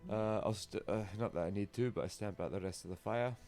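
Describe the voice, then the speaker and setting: Male player, mellow low voice, blunt and practical. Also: brisk, faint music behind. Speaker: tabletop game player. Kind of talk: casual play at the table.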